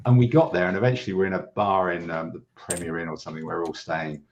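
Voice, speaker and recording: A British man joining a podcast as a guest over a remote call, telling relaxed anecdotes. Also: low-pitched, fast talker. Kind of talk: casual podcast chat, remote. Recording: dull lo-fi remote line with faint hiss.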